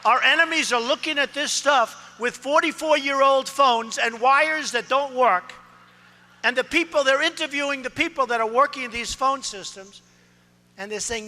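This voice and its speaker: A man in his sixties, a political candidate, delivers a boastful, repetitive campaign speech in a large hall, punching out short phrases. His voice is extremely high-pitched, pushed, and bright at a moderate pace, and the reverberant hall adds faint ambience.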